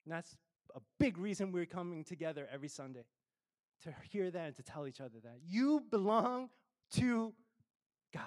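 A man's voice: a little high, fast talker, warm tone. Casual, chatty middle-aged male preacher. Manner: conversational, self-deprecating, laughs often, many fillers. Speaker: pastor. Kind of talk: sermon.

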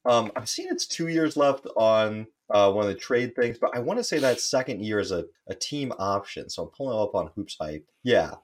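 A man's voice: on the low side, animated, moderate pace, few pauses, slight background noise. A man co-hosting a sports podcast, analyzing players in casual chat with a playful, teasing streak. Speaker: podcast co-host.

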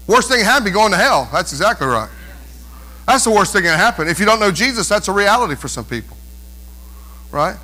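A man's voice: sits high, sharp tone, poor audio. A man preaching a sermon as pastor of a church, emphatic, with many rhetorical questions.

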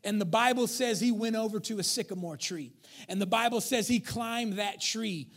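Speaking at normal speed in a voice that sits high, a male pastor preaches to his church. He's emphatic and jokes with the congregation, his volume ranging from shouts to near-whispers.

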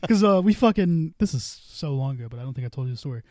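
Young male podcast co-host, quick and profane, rambling storyteller, dry close mic. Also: on the high side, animated, mellow, dry recording. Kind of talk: casual chat.

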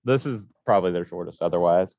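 A man co-hosting a casual music review podcast, blunt and quick to laugh, swearing casually. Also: deep voice, a little mellow, dry recording. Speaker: podcast co-host.

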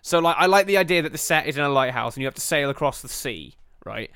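A man's voice: a little high, lively intonation, fast talker, bright, forceful tone, clear, resonant tone, dry recording, clean studio sound. A man co-hosting a casual comedy podcast, riffing and laughing as he goes and swearing freely. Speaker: podcast co-host.

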